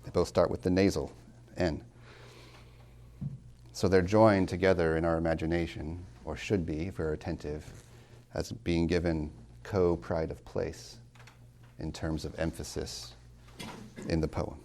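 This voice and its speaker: A man lecturing on poetry as a college tutor. He slows down to stress key words, swings from loud to near-whispered, and drops wry asides to his students. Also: deep voice, little pitch movement, slight background noise. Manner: dramatic swings in loudness, drops to near whispers when savoring lines; slow, deliberate emphasis on key words.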